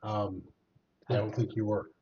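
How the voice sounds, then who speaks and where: A man's voice: lowish voice, level tone, unhurried, warm tone, husky. A man hosting a casual whiskey tasting chat, making dry wisecracks. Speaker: show host. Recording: slightly dull livestream audio.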